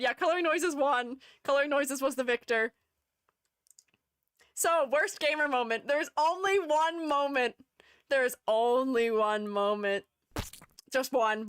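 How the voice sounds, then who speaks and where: A woman streamer chatting casually with her live audience, giggling often and playfully animated. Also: fairly high pitch, dry recording, clean studio sound. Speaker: streamer and art educator.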